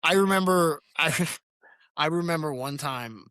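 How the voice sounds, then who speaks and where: A man's voice: a little high, unhurried, clean tone, no echo, studio quality. A man, a retired Army veteran, telling war and training stories in a casual interview, rambling and acting out quotes. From United States. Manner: rambling, animated storyteller who acts out quotes.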